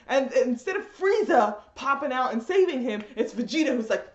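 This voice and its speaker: Animated high-voiced woman ranting. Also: fairly quick, hardly any pauses. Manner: animated, rambling fan rant. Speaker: anime reviewer. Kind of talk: casual review vlog. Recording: echoey room, dull lo-fi audio.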